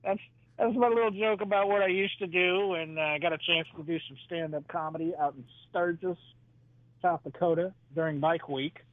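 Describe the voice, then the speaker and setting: A man tells his stand-up bits over a tinny, dry phone line, his voice sitting a little high. He pauses often with "uh" and chuckles between the punchlines. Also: no echo. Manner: halting, filler-heavy delivery with chuckles between jokes. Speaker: stand-up comedian guest. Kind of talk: telling a stand-up bit in an interview.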